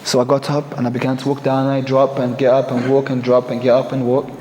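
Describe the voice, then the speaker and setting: A man of middle pitch tells his own story slowly and earnestly, pausing to let moments land. His voice rings out in a large, echoing hall with a long tail of reverb. A faint hum of ambience sits underneath. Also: monotone, warm tone. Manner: reflective, earnest, with measured pauses. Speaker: speaker telling a personal story. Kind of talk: first-person storytelling talk.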